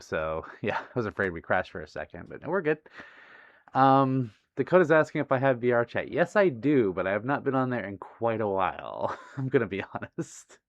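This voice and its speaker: A man's voice: medium pitch, no room sound. Guy streamer reading chat, gushy and giggly, dry close sound but kinda dull lo-fi. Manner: gushing, warm thanks with frequent laughs and fillers. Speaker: livestream host. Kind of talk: casual chat reading viewer comments.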